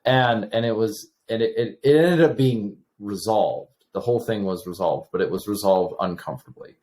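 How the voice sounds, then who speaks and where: A podcast guest in his thirties, speaking at a moderate pace in a lowish voice, tells stories casually. He's animated, acting out the quoted exchanges and restarting himself a lot.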